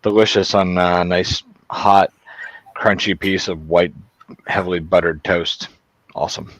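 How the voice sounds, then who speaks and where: A man's voice: low voice, steady tone, measured pace, a bit bright, a little hiss or hum. An American man in casual chat, explaining things in dry detail and swearing now and then. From United States.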